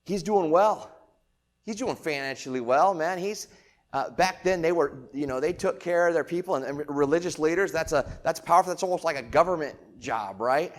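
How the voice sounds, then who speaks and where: A pastor preaches in a relaxed, conversational way, peppering his sermon with rhetorical "right?" asides to the congregation. His voice sits a little higher than most men's and moves a little fast, swinging between loud, emphatic lines and quiet, close remarks.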